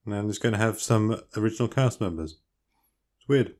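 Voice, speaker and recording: A man's voice: lowish voice, normal speed, darkish tone. A man co-hosting a casual film-news podcast, giving short, laid-back, dry replies. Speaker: podcast co-host.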